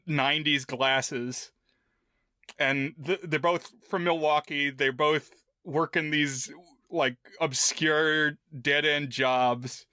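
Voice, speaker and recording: Male podcast co-host, bright tone, slightly high voice, casual film chat. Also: clean tone, no room sound, studio quality. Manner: relaxed, conversational, with frequent fillers.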